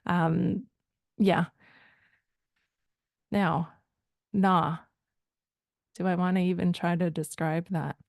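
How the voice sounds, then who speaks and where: A woman from Rama First Nation in Canada explaining language points in a thoughtful, hesitant way, often pausing to search for words. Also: fairly low pitch, level tone, vocal fry, no room sound. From Rama First Nation, Ontario, Canada. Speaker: language teacher.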